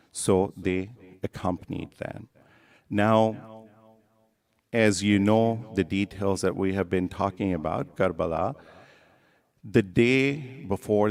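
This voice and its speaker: A man giving a religious sermon as emotional storytelling, building from hushed telling to impassioned, near-chanting cries. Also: fairly low pitch, vocal fry. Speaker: religious speaker.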